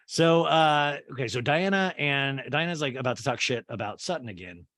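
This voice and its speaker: A male podcast host talks through a reality TV recap in a loose, rambling way, with cursing and jokes tossed in. His pitch swings widely as he talks, and the close mic keeps the sound dry and free of room echo. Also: a little fast, few pauses. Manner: animated, rambling, swearing and laughing.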